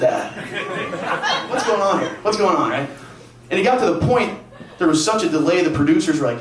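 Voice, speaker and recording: A man's voice: on the high side, animated, fairly quick. A man doing a stand-up set, telling rambling, self-mocking stories on a comedy club stage. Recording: echoey club from far off with laughing crowd.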